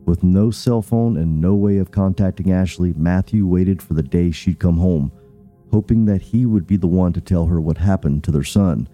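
A male podcast host with a very deep, dark and mellow voice. He narrates in a measured way and also asks questions as an interviewer. Faint music plays behind him.

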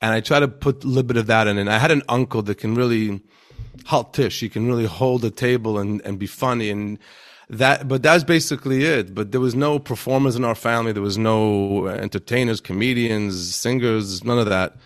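A man's voice: lowish voice, a little fast. A man who is a stand-up comedian, chatting casually as a podcast guest and often repeating words as he thinks. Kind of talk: casual interview conversation.

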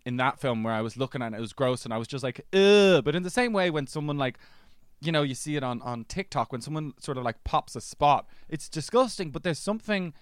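A man's voice: mid-range voice, clean tone, no echo, clean studio sound. A man co-hosting a podcast in casual chat, talkative, laughing and swearing freely. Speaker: podcast co-host.

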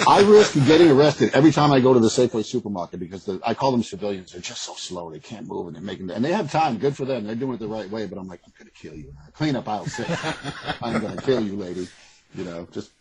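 Husky, fast-talking man. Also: on the low side, darkish tone, poor audio. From Boston area. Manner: rambling, frank, swears freely. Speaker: author and guest. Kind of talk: casual interview conversation.

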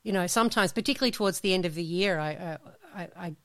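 A woman's voice: on the low side, fast, a bit bright, no echo, studio quality. An Australian woman hosting a podcast, chatting casually and laughing often. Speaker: podcast host. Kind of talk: casual chat.

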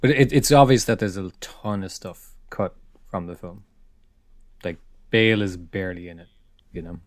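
A man's voice: fairly low pitch, animated, moderate pace, no echo. A man co-hosting a casual film podcast, talking animatedly and repeating words as he builds his point. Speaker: podcast co-host.

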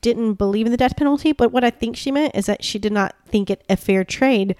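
A woman's voice: a little high, fairly quick, darkish tone, clear, resonant tone, no room sound, studio quality. A woman co-hosting a casual true-crime podcast, retelling a story conversationally with lots of "like" and "yeah". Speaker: podcast co-host.

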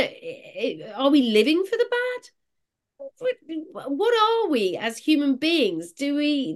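A woman with a high, very lively voice, co-hosting a casual podcast. She reflects out loud and often turns her points into rhetorical questions. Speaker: podcast co-host.

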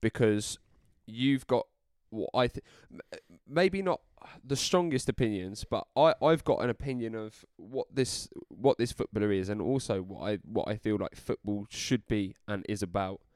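A man's voice: lowish voice, moderate pace, hardly any pauses, a little mellow, no echo. Young male podcast co-host, hungover, hesitant and teasing, dry close recording. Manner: teasing, hesitant, repeats himself. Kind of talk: casual chat.

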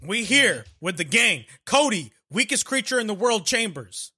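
A man hosting a casual podcast, joking loudly and repeating lines like chants. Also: high voice, very animated, normal speed, husky. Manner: loud, joking, chanting repetition. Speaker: podcast host. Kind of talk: casual banter.

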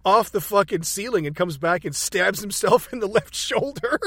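A man with a high, lively voice retells movie scenes in casual chat. He swears freely and breaks into laughter. The sound is close and dry. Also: moderate pace, no room sound.

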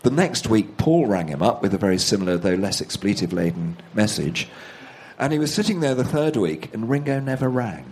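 A man's voice: fairly low pitch, big pitch swings, a little fast, a little mellow, slight background noise. A man, the author being interviewed, telling anecdotes at length and acting out the voices he quotes. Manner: anecdotal, acts out quoted voices, laughs at own stories. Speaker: author and guest. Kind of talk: conversational storytelling interview.

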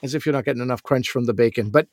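Rambling animated man, dry sound. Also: medium pitch, very fast, dry recording. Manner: rambling, animated, self-interrupting. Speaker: podcast co-host. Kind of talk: casual food chat.

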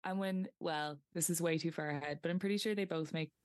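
A woman's voice: low-pitched, fairly even intonation, a little fast, no room sound, clean studio sound. A young woman co-hosting a podcast, musing aloud in easygoing casual chat. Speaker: podcast co-host.

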